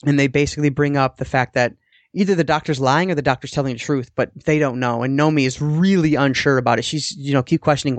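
A man's voice: medium pitch, fast talker, dry recording. A man co-hosting a podcast, casually recapping a TV episode in a rambling way with the odd swear word. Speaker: podcast co-host.

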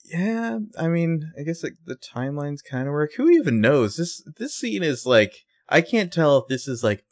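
A man's voice: mid-range voice, animated, moderate pace, creaky, hardly any pauses, no room sound. A man co-hosting a casual podcast, discussing a TV episode with wry, joking asides. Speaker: podcast co-host. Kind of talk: casual TV recap chat.

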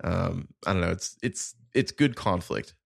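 A man's voice: deep voice, measured pace, vocal fry, no echo, clean studio sound. A man co-hosting a casual podcast chat, laid-back and rambling with fillers. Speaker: podcast co-host.

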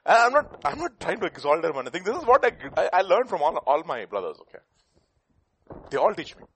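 A man preaching a sermon, swinging between loud bursts and hushed asides. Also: sits high, big pitch swings, fast, slightly rough.

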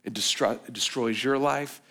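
A man preaching a sermon as pastor, telling a personal story in a conversational way, rising to emphatic points and dropping soft and low for reflection. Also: steady tone, normal speed. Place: church hall.

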